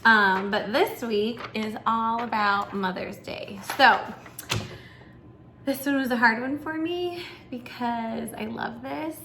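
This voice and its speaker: Chatty preschool teacher, gravelly woman. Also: fairly high pitch, takes it slowly, noisy background. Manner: chatty, encouraging, many fillers. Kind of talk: casual explanation to parents.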